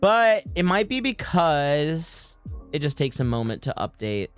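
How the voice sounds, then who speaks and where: A woman's voice: low-pitched, sing-song, measured pace, clear, resonant tone. A woman hosting a casual game livestream, joking and swearing freely as she runs community games. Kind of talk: casual game-stream chat. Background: faint music.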